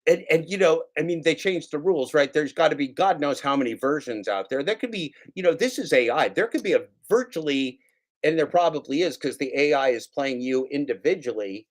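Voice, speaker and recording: A man's voice: fairly high pitch, expressive, fairly quick. A man hosting a casual livestream, ranting sarcastically with plenty of swearing and repeating his own lines for effect. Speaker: livestream host.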